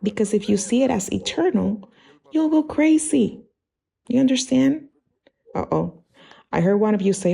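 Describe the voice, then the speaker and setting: A woman preaches a sermon in a heavily gravelly, creaky voice. Her tone is dark and husky. She talks straight at her listeners and keeps firing rhetorical questions at them. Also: on the high side, animated, measured pace, pauses often.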